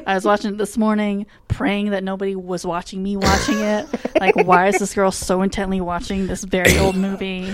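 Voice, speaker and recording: A woman's voice: medium pitch, little pitch movement, brisk, few pauses. A woman co-hosting a casual movie chat, blunt and teasing, rambling a little. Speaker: podcast co-host.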